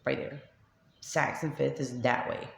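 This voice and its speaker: A woman's voice: very deep voice, fairly even intonation, measured pace, vocal fry, fairly bright tone, echoey room, slight background noise. A woman with a New York accent, a shelter resident venting to camera in a vlog, upset and tearful as she retells an argument. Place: shelter room by a street window.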